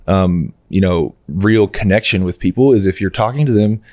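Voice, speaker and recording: A man's voice: low-pitched, normal speed, a little mellow, dry recording. Chatty male podcast host, dry sound. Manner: loose and chatty, heavy on fillers, acts out voices when telling stories. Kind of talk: casual podcast chat. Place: indoor podcast studio.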